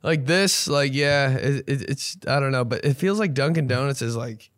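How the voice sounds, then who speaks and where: A man hosting a comedy podcast, ranting casually with lots of swearing, rambling restarts and sudden loud mocking voices. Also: medium pitch, moderate pace, no echo, clean studio sound.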